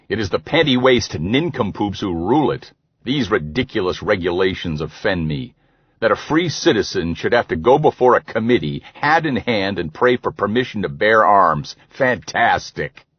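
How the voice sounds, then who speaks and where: A man's voice: on the low side, animated, moderate pace, husky, dry recording. A man voicing a pompous, scornful older doctor in an audiobook. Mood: indignant. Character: cantankerous, blustering older male doctor. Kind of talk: audiobook character voice. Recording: slightly dull, dry recording.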